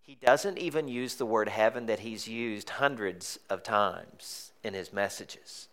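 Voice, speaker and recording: A male pastor preaching a sermon in a conversational, joking way, sometimes dropping to a hushed, intense tone. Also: fairly low pitch, unhurried.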